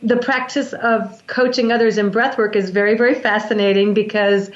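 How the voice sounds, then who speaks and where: A woman's voice: medium pitch, fairly even intonation, normal speed. A woman guest on an interview show, a breath work practitioner explaining her practice in an earnest, teaching manner with frequent restarts. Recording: roomy, dull lo-fi sound.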